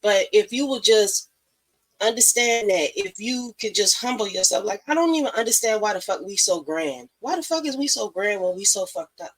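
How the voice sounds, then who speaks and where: A woman's voice: mid-range voice, lively intonation, moderate pace, poor audio. Blunt, profane woman giving advice. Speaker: podcast host. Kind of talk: casual live-stream monologue.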